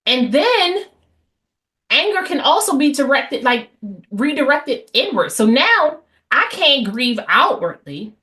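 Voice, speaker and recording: In a high, sing-song voice that's slow, bright, and forceful, a woman hosts a lively class on healing after infidelity. She addresses her audience bluntly and animatedly, sprinkling in asides and mock voices.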